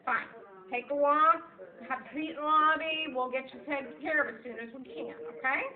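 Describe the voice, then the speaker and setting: A woman's voice: high-pitched, fairly even intonation, a little fast, phone-quality sound. A woman working as an office clerk, speaking in a curt, firm, clipped way.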